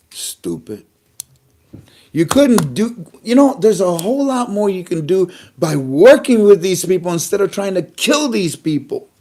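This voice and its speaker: A man talks through his commentary in a loose, mocking way, with a pitch that swings widely. He chuckles between remarks and keeps acting out quick back-and-forth exchanges. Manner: animated, mocking, acts out dialogues. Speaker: online commentator. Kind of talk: casual political commentary.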